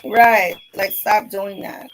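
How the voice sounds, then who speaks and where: A woman hosting a casual livestream chat, blunt and animated, sometimes trailing off into near-whispers. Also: mid-range voice, slow pace, rough recording. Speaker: livestream host.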